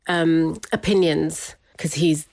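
A middle-aged woman, an interview guest, telling a personal story with candid, animated warmth and frequent laughter. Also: sits low, slow pace, vocal fry, no room sound.

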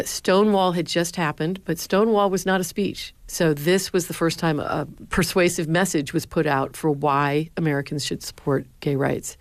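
Middle-aged woman, pretty low voice, earnest interview storytelling, dry close mic. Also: darkish tone, dry recording. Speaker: former speechwriter, university lecturer.

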